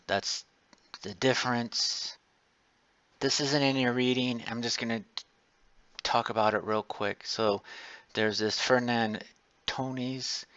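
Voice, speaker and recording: Low-voiced guy teaching a class, slow and rambly, kinda muffled dry recording. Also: bright, forceful tone, dry recording. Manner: rambling, digressive, restarts often. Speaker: instructor. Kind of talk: recorded lecture.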